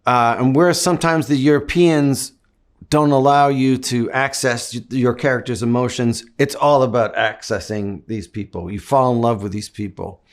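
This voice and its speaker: A man's voice: mid-range voice, fairly even intonation, moderate pace. A middle-aged man from Canada, an actor giving long, reflective interview answers. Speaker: actor guest.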